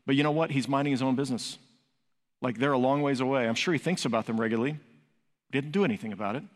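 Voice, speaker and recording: Man, pastor, sermon, emphatic rising delivery, mid pitch, long hall reverb. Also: fast. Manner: emphatic, building to raised peaks with rhetorical questions.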